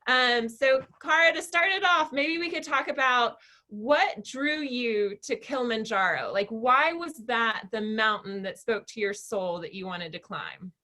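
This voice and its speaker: A woman's voice: on the high side, measured pace, hardly any pauses. A woman hosting a book club interview, chatty and telling stories, with fillers between her thoughts. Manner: chatty, warm storytelling with fillers.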